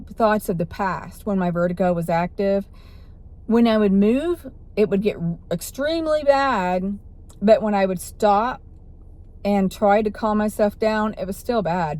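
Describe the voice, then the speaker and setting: A woman's voice: mid-range voice, darkish tone. A woman vlogger telling a personal story in a rambling way, with restarts and self-corrections.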